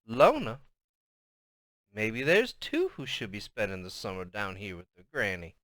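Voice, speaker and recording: A man voicing an elderly grandmother with a Southern US accent, loud, bossy and doting, speaking in a high, drawling voice. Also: wildly swooping pitch, measured pace, no echo, clean studio sound, full character voice. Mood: stern.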